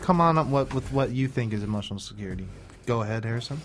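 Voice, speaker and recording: A man's voice: mid-range voice, expressive, fast talker. A man co-hosting a casual podcast chat, joking and teasing his friends and laughing easily. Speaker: podcast co-host. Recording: music playing behind.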